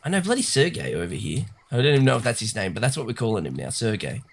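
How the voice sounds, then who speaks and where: A man's voice: fairly low pitch, big pitch swings, very fast, vocal fry. Chatty man narrating gameplay. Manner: rambling, chatty storyteller. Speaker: gaming host. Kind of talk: casual let's-play commentary.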